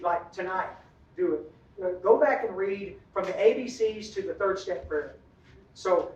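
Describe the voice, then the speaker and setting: A man's voice: high voice, slight background noise. Guy telling a folksy rambling story at a meeting, roomy hall, sounds far off and kinda muffled. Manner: folksy, rambling, laughs at his own stories. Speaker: recovery meeting speaker. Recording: echoey hall, distant dull mic.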